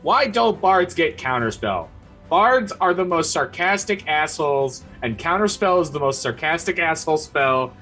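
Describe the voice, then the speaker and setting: A man playing at a tabletop game who complains in an animated, exaggerated way. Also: fairly high pitch, normal speed, soft background music. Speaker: player. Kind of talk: casual chat at a game table.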